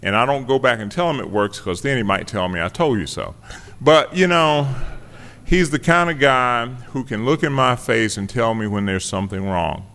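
A man of middle pitch tells his own story to a gathered audience in a relaxed, conversational way, with a wry, self-deprecating humor. His voice carries a long hall reverb, as if he is speaking in a big meeting room. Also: moderate pace. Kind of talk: personal testimony to a live audience.

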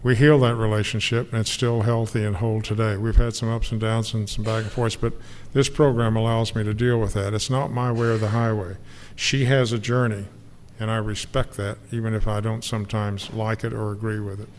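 A man's voice: fairly low pitch, flat delivery, brisk, hardly any pauses, darkish tone. Older man, earnest testimony in hall. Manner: earnest, emotional, reflective. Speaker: speaker sharing recovery story. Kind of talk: personal testimony to an audience. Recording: long hall reverb, faint noise.

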